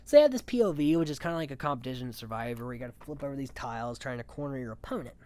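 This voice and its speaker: A man's voice: mid-range voice, animated, very fast, warm tone. A man talking casually and offhandedly as a recap host, swearing freely and chuckling often between points. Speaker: reality show recap host.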